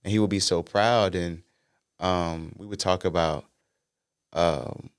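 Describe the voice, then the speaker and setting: A man with a low, smooth voice, talking as a podcast guest. He tells stories in a relaxed, slangy way with plenty of easy fillers. The sound is dry and close. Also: takes it slowly, dry recording. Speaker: guest, R&B singer-songwriter. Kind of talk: casual podcast conversation.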